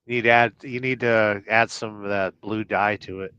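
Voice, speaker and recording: A man's voice: on the low side, steady tone, normal speed, pushed and bright, clear, resonant tone, no room sound, highs cut off. A man chatting on a live stream, wry, offering tips and teasing asides. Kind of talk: casual chat on a live stream.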